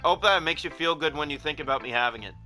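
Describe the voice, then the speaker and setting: Man doing a shy bookish teen girl, stammering, very bright voice, faint music behind. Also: fairly high pitch. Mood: eager. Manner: halting, stammering.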